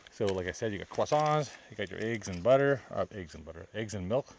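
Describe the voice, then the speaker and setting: Casual male camping vlogger, low gravelly voice, faint outdoor ambience. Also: expressive, quick pace. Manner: chatty, easygoing, laughs often. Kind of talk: casual outdoor vlog narration. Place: outdoors at a lakeside campsite. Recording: faint outdoor background noise.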